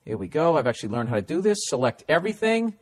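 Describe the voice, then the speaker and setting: Comedy podcast host, male, highish voice, profane and animated, reads letters then riffs. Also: fast talker. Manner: profane, animated, reading listener letters aloud. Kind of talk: casual comedy podcast rant.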